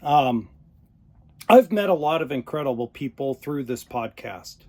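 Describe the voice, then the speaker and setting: A man hosting his own podcast, talking unscripted, choked up and pausing often. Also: mid-range voice, lively intonation, warm tone. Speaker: podcast host. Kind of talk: unscripted solo podcast talk.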